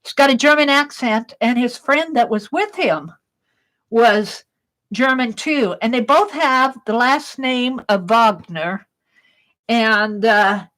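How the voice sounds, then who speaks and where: A woman's voice: on the high side, normal speed, low-quality recording. Chatty woman hosting an art livestream. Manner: chatty and rambling, warm toward viewers, frequent giggles. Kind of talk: casual livestream chat and storytelling while crafting.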